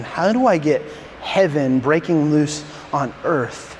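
A man preaching a sermon as a pastor, telling a story in an animated way with stammering restarts. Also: fairly high pitch, slow pace, a little hiss or hum. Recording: long reverb in a large hall.

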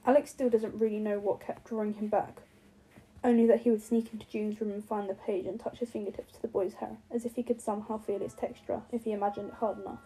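A woman's voice: medium pitch, level tone, quick pace, dark tone, low-quality recording. A woman reading a novel aloud as the narrator, stumbling and restarting words now and then. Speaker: audiobook narrator.

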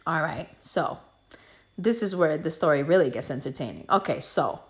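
A woman telling a story in a vlog, animated and heavy on profanity. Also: deep voice, normal speed.

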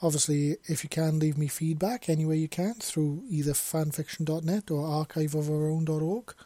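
A man's voice: a little high, fairly even intonation, moderate pace, dark tone, dry recording. A Welsh man hosting his own fanfiction podcast, chatting casually before reading a chapter aloud, often stumbling and restarting words. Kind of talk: casual intro then story reading.

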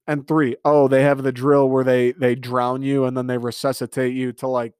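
A young man delivering an animated comedic rant monologue, exasperated and laughing at his own jokes. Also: mid-range voice, normal speed, clean tone, no room sound, studio quality.

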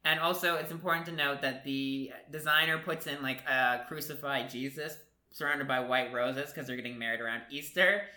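A man retelling a film plot in casual chat, animated and laughing, acting out characters' lines. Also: medium pitch, moderate pace. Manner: animated storyteller, laughs often, mimics characters. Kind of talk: casual movie recap chat. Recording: echoey room.

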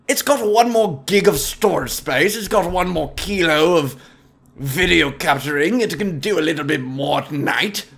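A man voicing a pompous, snobbish gentleman who is indignant about his phones and speaks with affected old-fashioned indignation. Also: high-pitched, vocal fry, full character voice.

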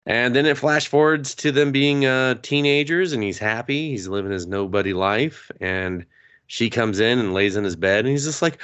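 A man with a somewhat low voice chats his way through an anime plot on a podcast. He is crude and playful, switching into high goofy impressions of the characters as he goes. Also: moderate pace, a bit bright, clear, resonant tone. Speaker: podcast co-host. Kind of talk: casual anime review chat.

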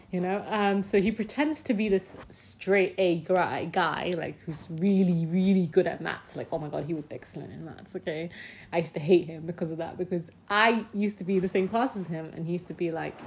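A young woman, telling personal stories in a casual, animated way with frequent laughs. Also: on the low side, moderate pace, slight background noise. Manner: chatty and animated, with frequent laughs and acted-out quotes. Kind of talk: casual storytelling to camera.

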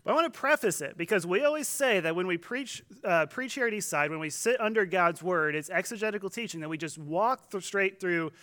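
Pastor, male, high voice, relaxed conversational preaching with playful asides. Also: brisk, few pauses. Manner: conversational, joking, animated quoting voices. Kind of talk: sermon.

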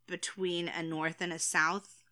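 A woman's voice: fairly low pitch, level tone, measured pace, pushed and bright. A woman from the United States co-hosting a podcast in casual chat, laughing often and trailing off mid-sentence. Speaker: podcast co-host.

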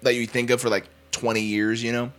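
A young man in casual sports talk, arguing his opinions in quick runs full of "like". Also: mid-range voice, level tone, fairly bright tone, faint music behind. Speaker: podcast co-host.

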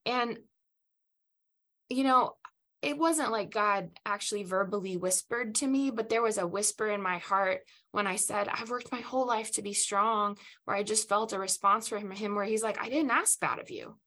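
A woman who grew up in Southeast Asia, telling a personal faith story as a podcast guest in an earnest, reflective way with halting restarts. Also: mid-range voice, fairly even intonation, a bit bright.

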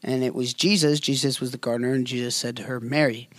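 A man's voice: mid-range voice, little pitch movement, quick pace, a bit bright, no echo. A young man co-hosting a casual Bible discussion, chatty and hesitant as he reads aloud with restarts. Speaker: co-host.

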